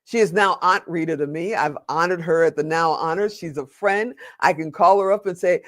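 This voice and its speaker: A man, a podcast guest, telling a personal story in an earnest way and slowing down to stress his points. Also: sits high, fairly bright tone, no room sound, clean studio sound. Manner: earnest, slows down for emphasis.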